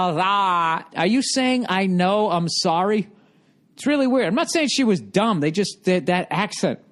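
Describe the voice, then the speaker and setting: A middle-aged man hosting a podcast, telling a rambling, swear-filled comic story with sarcastic exasperation. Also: a little high. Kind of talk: casual comedic monologue.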